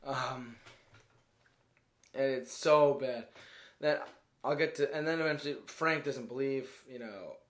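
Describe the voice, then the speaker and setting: A man talks through a movie in a loose, rambling review, hunting for words and breaking into laughter. His voice sits at an ordinary middle pitch for a man. The recording has a noticeable roomy echo. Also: measured pace, long pauses, fairly bright tone.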